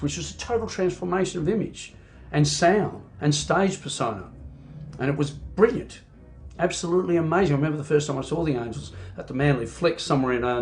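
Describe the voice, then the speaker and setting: Animated Australian man telling stories. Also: on the high side. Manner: animated storyteller, frequent "you know" fillers. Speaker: singer and band frontman. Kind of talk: casual interview chat.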